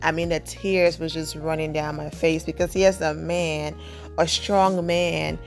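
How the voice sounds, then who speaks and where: A woman's voice: low voice, level tone, a little slow, music in the background. A woman giving casual celebrity news commentary in a chatty style, often saying "you know".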